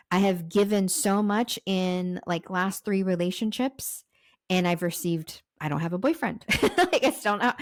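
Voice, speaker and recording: A woman's voice: fairly low pitch, dry recording. A young adult woman hosts her own podcast in a confessional monologue. Her talk is raw, circling and peppered with swearing, and her throat is sore. The recording is close and dry, with no room sound. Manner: raw and emotional, swearing, repeating phrases. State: throat sore while sharing. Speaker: podcast host and self-love coach.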